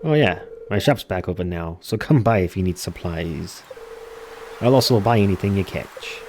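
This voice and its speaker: A man's voice: low voice, expressive, moderate pace, a little mellow, a little hiss or hum. A man voicing a hearty old fisherman with a wobbly sailor's accent that drifts from place to place. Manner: wobbly sea-dog accent drifting between regions.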